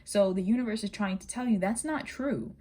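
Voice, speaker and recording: A woman giving a casual, earnest tarot reading to her viewers. She sometimes rushes her words. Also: medium pitch, a little mellow. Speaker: tarot reader.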